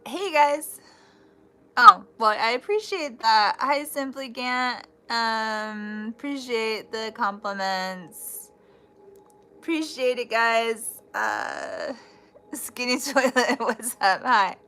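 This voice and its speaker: A woman's voice: a little high, slow, pushed and bright. A woman giving a casual live tarot reading, chatty and blunt, swearing freely and breaking off into laughs. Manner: restarts and trailing thoughts. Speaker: tarot reader.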